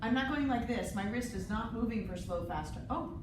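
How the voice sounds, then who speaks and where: A woman coaches a conducting student, giving direct corrections and calling out beats. She sounds far from the mic in an echoey rehearsal room, with clear noise behind her. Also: on the high side, expressive, normal speed. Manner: direct, calls out cues and beats. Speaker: conducting teacher.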